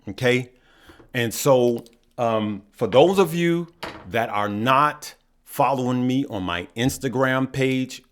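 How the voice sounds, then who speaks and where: Host type: low-pitched man, earnest and passionate, casual straight-to-camera talk. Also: fairly bright tone. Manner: earnest, passionate, repeats himself and adds "okay?". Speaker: stock market YouTuber.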